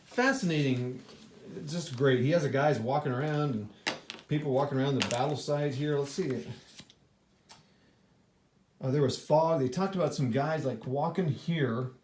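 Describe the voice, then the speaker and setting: A man's voice: medium pitch, moderate pace, long pauses, slight background noise. Rambling man in an echoey room. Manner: rambling, restarts sentences, many fillers. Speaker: board wargame player reviewing his game. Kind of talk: casual thinking-aloud analysis.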